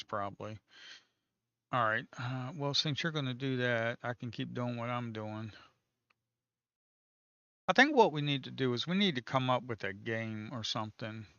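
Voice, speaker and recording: Guy calling live trades to his folks, cussing a lot, bright tense voice, slightly muffled. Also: medium pitch, no echo. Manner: casual, swears, talks to viewers as folks. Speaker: day trader streaming live. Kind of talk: live trading commentary.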